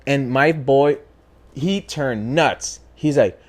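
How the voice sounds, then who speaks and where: A man casually telling a spooky personal story as a podcast host, talking in a lively, profane way. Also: mid-range voice, slow pace. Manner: animated, profane, acts out voices in his story.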